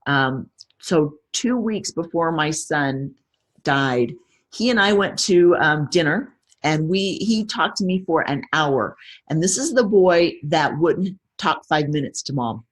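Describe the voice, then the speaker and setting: A middle-aged woman speaking as an interview guest, reflective and measured, often restarting her sentences. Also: sits low, animated. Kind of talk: personal interview conversation.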